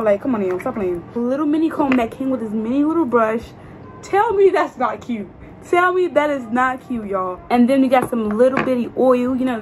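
A young woman, chatting to camera as a beauty vlogger, expressive and exclamatory, full of slang. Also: fairly high pitch. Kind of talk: casual chat to camera.

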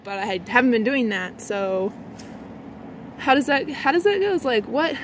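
A woman rambles through a casual vlog, filling her talk with likes and restarts. Her voice sits a little high but drops into a low, lazy register before jumping back up. Faint outdoor noise hums behind her. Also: very animated, normal speed. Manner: swings between a low lazy voice and a bright high one. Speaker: vlogger.

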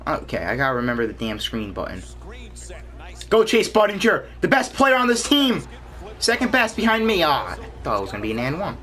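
Excitable young man yelling at a game. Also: a little high, fairly quick. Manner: excitable, complains and shouts at the game. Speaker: gaming YouTuber. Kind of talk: gameplay commentary.

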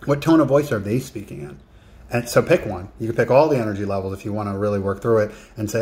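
In a recorded coaching session, a man talks directly to the listener and assigns writing exercises. He's a fast talker with a lowish pitch and a darkish tone.

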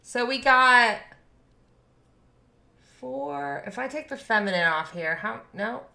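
Bubbly female streamer chatting with chat; bright tone, slow easy pace. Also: on the high side, expressive, vocal fry, roomy sound. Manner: bubbly, reads and thanks chat, laughs often. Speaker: game streamer. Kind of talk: live game stream chat. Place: home room.

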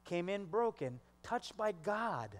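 A man's voice: high-pitched, big pitch swings, slow pace, big-room sound. A male pastor preaching a sermon, telling stories and acting out the voices of the people in them. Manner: storytelling, acts out quoted voices.

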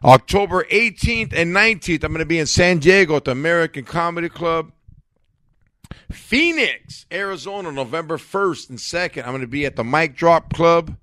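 A man hosting a comedy podcast jokes around loosely with friends, using slang and calling them homie and dog. His voice is on the high side, expressive and a bit bright, at a moderate pace, in a dry recording.

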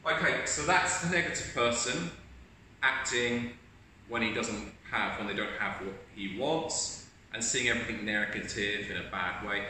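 A man's voice: on the low side, moderate pace, bright, forceful tone, a little hiss or hum. A man giving a chatty, encouraging self-help talk to camera as host, recorded in an echoey room from a distant mic. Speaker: video host.

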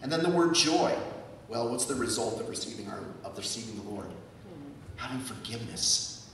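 A man's voice: mid-range voice, animated, normal speed, fairly bright tone, slight background noise. A man preaching a sermon as pastor, asking rhetorical questions and repeating key words for emphasis. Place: church sanctuary. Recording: echoey church hall, from far off.

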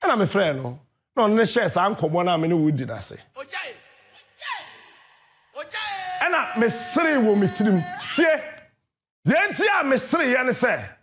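Ghanaian male radio host, very high voice, lively swooping delivery, emphatic storyteller who shouts often. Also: moderate pace. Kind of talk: animated storytelling monologue.

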